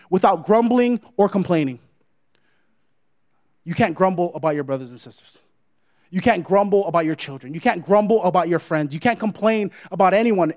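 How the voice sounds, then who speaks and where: A man with a notably high voice preaches a sermon. He talks emphatically, hammering points through repetition and constantly checking in with his listeners. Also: a little mellow. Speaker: pastor.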